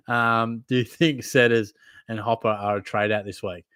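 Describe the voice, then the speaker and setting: A man's voice: medium pitch, steady tone, normal speed, fairly bright tone, clear, resonant tone, no echo, studio quality. A young Australian man hosting a casual live Q&A, reading viewer comments in a laid-back, matey way. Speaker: fantasy football livestream host.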